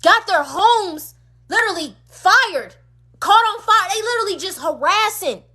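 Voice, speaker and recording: Woman going off on her phone livestream, really high sharp voice, keeps firing questions back to back. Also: animated, measured pace. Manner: emphatic, repetitive rhetorical questions. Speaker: streamer. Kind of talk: impassioned livestream rant.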